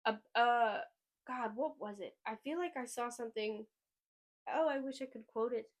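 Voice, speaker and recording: A woman hosting a podcast in casual chat, rambling and excitable, often trailing off mid-sentence. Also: a little high, normal speed. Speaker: podcast host.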